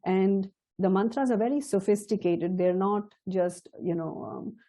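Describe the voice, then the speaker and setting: A middle-aged woman teaching a chant, explaining slowly and carefully, now and then laughing softly. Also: mid-range voice. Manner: slow, measured and explanatory, with soft laughs. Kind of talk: spoken lesson with chanted demonstrations.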